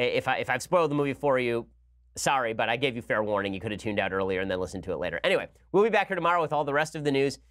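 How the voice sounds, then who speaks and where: A man hosting a podcast, delivering a rapid, sarcastic solo commentary rant into a studio microphone. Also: medium pitch, a bit bright. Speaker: podcast host.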